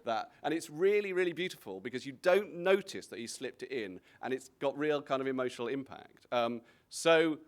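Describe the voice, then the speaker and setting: Rambling, reflective Englishman telling stories. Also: medium pitch. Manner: rambling, self-interrupting, reflective. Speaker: guest comedian. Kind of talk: relaxed conversational anecdote.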